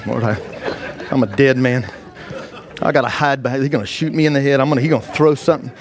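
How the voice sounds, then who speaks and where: A man preaching, telling a personal testimony with animated, self-mocking storytelling and many restarts. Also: mid-range voice, fast, some chatter behind. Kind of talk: sermon storytelling.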